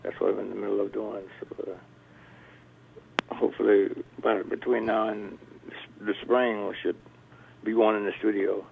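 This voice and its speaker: A man's voice: on the low side, little pitch movement, normal speed, gravelly, long pauses, noisy background. Older man telling stories over a tinny phone line. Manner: rambling storyteller, restarts often. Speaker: blues musician guest. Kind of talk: radio interview conversation.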